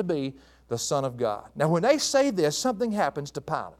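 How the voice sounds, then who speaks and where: Male preacher, sermon delivery, high-pitched and highly expressive, addresses the listeners as folks. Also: normal speed. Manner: animated, asks the listeners questions and calls them folks. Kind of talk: expository sermon.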